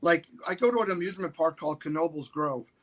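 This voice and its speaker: Man, fifties, high voice, bright forceful tone, lively storyteller, does quick voices. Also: poor audio. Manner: animated anecdote-teller who slips into quoted voices. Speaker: guest actor. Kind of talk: casual storytelling.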